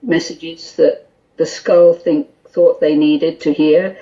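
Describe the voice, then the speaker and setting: A woman guest on a call-in radio show, telling an animated story full of quoted dialogue and small laughs. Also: low-pitched, slow, muffled recording. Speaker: guest, skull interpreter.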